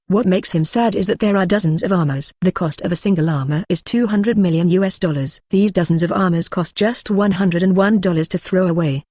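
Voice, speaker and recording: A synthetic audiobook narrator reads in a flat, steady, evenly paced way. The voice sits at a middle pitch and sounds dry and close to the mic, with no room around it. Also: no echo. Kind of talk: scripted narration.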